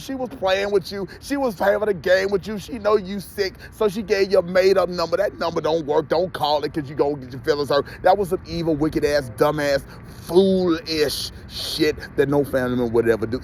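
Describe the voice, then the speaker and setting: A man's voice: high-pitched, gravelly, a little hiss or hum. A man ranting heatedly to his viewers in a profane, repetitive vlog monologue. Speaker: vlogger.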